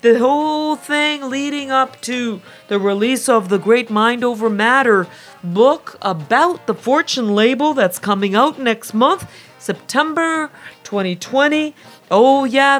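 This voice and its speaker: A woman presenting records on a radio music show, talking with enthusiastic, gushing, drawn-out emphasis. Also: on the high side, fairly bright tone.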